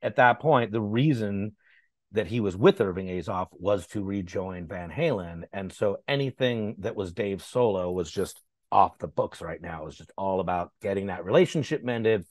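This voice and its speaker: A man telling animated stories in a casual chat, swearing as he goes and slipping into other people's voices. The sound is dry and close, with no room echo. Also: fairly low pitch. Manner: animated, profane, acts out voices. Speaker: podcast guest. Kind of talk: casual storytelling.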